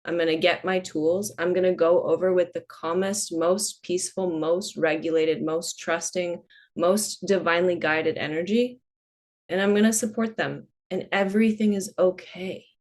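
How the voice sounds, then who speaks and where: A woman speaking as a podcast guest in a reflective conversation, unhurried and earnest, often using "like" as a filler. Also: fairly low pitch, fairly even intonation, darkish tone. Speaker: podcast guest, holistic coach.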